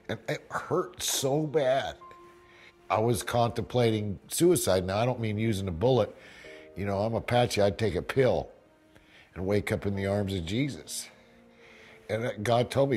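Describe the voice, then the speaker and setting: An older man from the United States chatting in a video diary, emotional and folksy with rough jokes. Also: fairly low pitch, lively intonation, unhurried, pauses often, darkish tone, faint music behind. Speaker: reality TV bounty hunter. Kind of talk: casual video diary chat.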